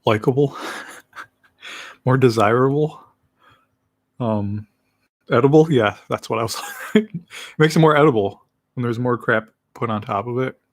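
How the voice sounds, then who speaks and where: A man's voice: mid-range voice, a little slow, long pauses, dry recording, clean studio sound. A man chatting casually on a livestream, rambling in a laid-back way and laughing easily.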